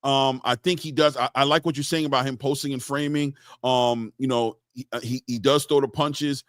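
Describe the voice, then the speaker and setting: A man hosting a casual boxing live stream, reading out viewer comments and giving shout-outs in a loose, chatty way. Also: medium pitch, fairly even intonation, normal speed, dry recording, studio quality. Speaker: boxing show host.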